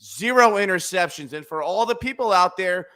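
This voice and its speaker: Male sports podcast host, higher-pitched voice, bright tense tone, excitable, emphatic. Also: moderate pace. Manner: excitable, emphatic, repeats points for effect. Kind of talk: casual sports talk show.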